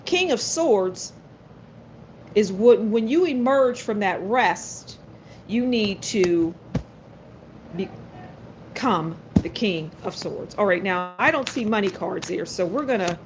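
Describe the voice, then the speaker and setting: A woman's voice: mid-range voice, lively intonation, slow pace, pauses often, background noise. A woman doing a live-stream tarot reading. She is blunt and sassy and speaks straight to her viewers. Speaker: tarot card reader.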